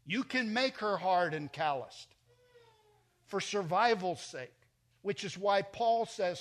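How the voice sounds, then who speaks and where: A middle-aged man preaching a sermon in a church, emphatic, swinging between loud and soft. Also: high-pitched, lively intonation, takes it slowly. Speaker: pastor.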